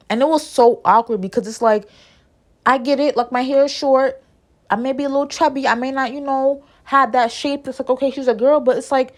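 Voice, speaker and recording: Young woman w/ doing a storytime, animated and indignant, voice shoots way up when she's heated. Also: a little high, a little fast. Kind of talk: casual storytime.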